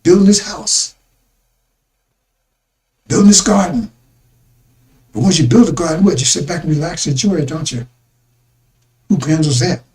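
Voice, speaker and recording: A man's voice: fairly high pitch, mellow, low-quality recording. A man giving a rambling religious talk to his listeners, repeating himself and calling them brothers and sisters. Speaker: religious broadcaster.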